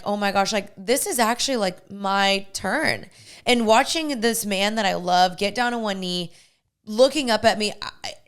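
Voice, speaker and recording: A woman's voice: mid-range voice, fairly bright tone, clean tone. A young woman in her twenties, hosting a podcast and gushing with emotion as she tells a personal story in casual chat. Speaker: podcast host.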